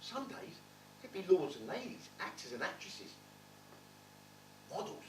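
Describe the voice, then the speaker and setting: Bloke playing a cheeky geezer spinning his life story, bit high voice, roomy theatre, mic far off. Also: big pitch swings, unhurried, slight background noise. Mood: wry. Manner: wry, blunt, swearing storyteller. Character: streetwise London man recalling his rough childhood. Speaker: stage actor in a one-man play. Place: theatre stage.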